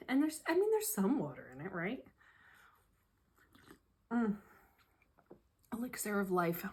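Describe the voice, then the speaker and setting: A woman's voice: medium pitch, huge pitch swings, unhurried, pauses often, darkish tone. A woman, hosting a casual home hobby vlog, chatty, sarcastic and self-deprecating, often laughing, recorded on a phone at home. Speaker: hobby vlogger. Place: home room, seated at a tray table. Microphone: phone camera.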